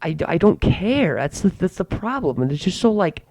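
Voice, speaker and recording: Sarcastic ranting teenage boy, gravelly. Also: high voice, very animated, moderate pace, a little mellow, no echo. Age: teens. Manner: sarcastic, mock-grandiose, stammering restarts. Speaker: student ranting to camera. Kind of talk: comedic rant monologue.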